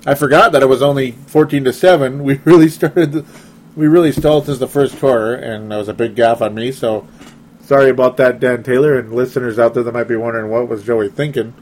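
A man's voice: mid-range voice, fairly even intonation, fairly quick, a little mellow, slight background noise. A man hosting a casual sports talk show, reading listener comments and chatting in a self-deprecating way with frequent laughs.

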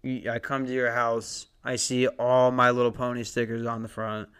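A young man hosts his podcast alone, rambling loosely through a story with plenty of swearing and jokes at his own expense. His voice is smooth and resonant, sitting in a middle pitch. He sounds worn out from too little sleep. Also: completely flat delivery, moderate pace, a bit bright. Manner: profane, self-deprecating, rambling. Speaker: podcast host. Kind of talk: casual rambling monologue.

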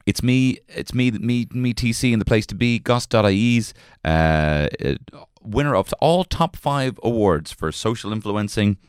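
A man's voice: fairly low pitch, lively intonation, a little slow, hardly any pauses, clear, resonant tone, dry recording, clean studio sound. A man hosting a podcast in a loose, rambling, crude joking way. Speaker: podcast host. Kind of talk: casual podcast chat.

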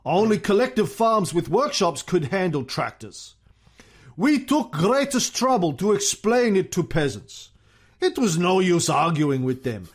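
Brief: blunt old Soviet dictator, halting cadence, raised pitch, as a podcaster puts him on. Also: male voice, sing-song, exaggerated voice. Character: gruff Soviet dictator, older man, blunt and pragmatic.

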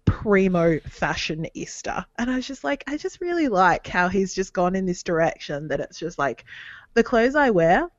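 A woman's voice: medium pitch, sing-song, normal speed, no room sound, lo-fi sound. A woman co-hosting a podcast in casual chat, gushing and rambling with many fillers. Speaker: podcast co-host.

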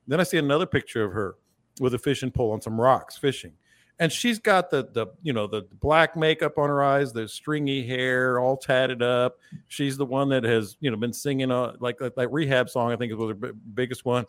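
A man co-hosting a podcast, telling a story in casual chat and jumping up in pitch when he acts out his own reactions. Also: fairly quick, no echo. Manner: animated storyteller, jumps up in pitch for quoted reactions. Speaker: podcast co-host.

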